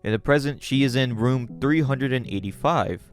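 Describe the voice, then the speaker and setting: A man casually narrating a story aloud, with relaxed chatty asides. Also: mid-range voice, normal speed, soft background music. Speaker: channel host. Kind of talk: casual story read-along with commentary.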